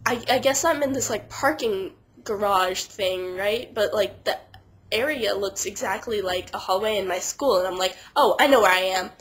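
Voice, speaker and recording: A young woman with a stuffy nose from being sick, chatting casually to camera and telling a story in a rambling, animated way. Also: mid-range voice, moderate pace, low-quality recording. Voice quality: nasal. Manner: chatty, animated, lots of "like", funny voices for quoted people. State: sick and congested. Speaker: vlogger.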